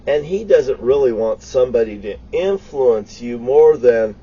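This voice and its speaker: A man's voice: medium pitch, expressive, measured pace, few pauses, mellow, slightly rough, lo-fi sound. A man ranting in a heated, rambling monologue, swearing constantly. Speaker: vlogger.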